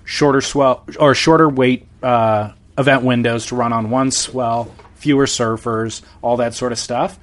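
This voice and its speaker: A man's voice: medium pitch, fairly even intonation, unhurried, few pauses. A man co-hosting a casual podcast chat, answering in a dry, matter-of-fact way. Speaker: podcast co-host.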